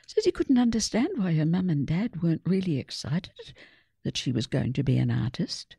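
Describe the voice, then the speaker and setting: A woman reads a children's story aloud in a low, gravelly, husky voice. She takes her time and swings her pitch widely. The sound is dry and close. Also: moderate pace, no room sound. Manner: expressive, animated.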